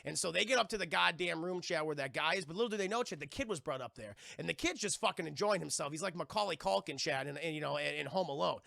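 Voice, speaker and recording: A man streaming live, excitedly recapping a TV episode for his chat, profane and acting out the characters' lines. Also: fairly high pitch, quick pace, vocal fry, few pauses, no echo, studio quality. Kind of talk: animated live-stream recap with acted-out quotes.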